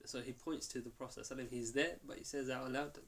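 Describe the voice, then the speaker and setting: Telling a story to his class during a lesson recorded in a mosque, this male teacher energetically acts out each quoted line. His medium-pitched voice is steady and a bit bright, and he speaks very fast.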